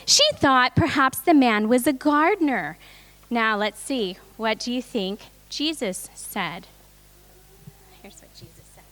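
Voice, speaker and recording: Bright high-voiced woman coaxing children. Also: lively intonation, slow. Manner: upbeat, coaxing, directs children. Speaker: children's presentation leader. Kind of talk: leading a children's Easter reenactment. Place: church.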